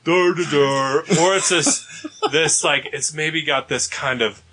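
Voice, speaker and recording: A man hosting a podcast in casual chat, telling animated stories and laughing often. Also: fairly high pitch, a little slow, husky.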